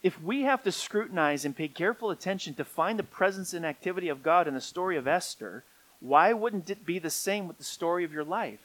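A middle-aged man preaching a sermon, swinging from quiet, low stretches up to emphatic peaks. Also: animated, brisk, poor audio. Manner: rising to emphatic peaks, then dropping quiet. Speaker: pastor.

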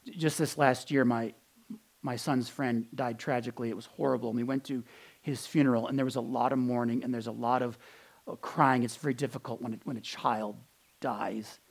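A middle-aged man giving a sermon in an earnest, conversational way, often repeating words as he restarts and going soft on quotes. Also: medium pitch, steady tone, brisk, creaky, slightly rough. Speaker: pastor.

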